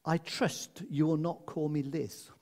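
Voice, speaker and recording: A man's voice: fairly high pitch, level tone, a little slow, darkish tone. A man voicing a prim, haughty older queen consort who keeps a commoner at a formal distance. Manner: prim, formal, putting someone in her place.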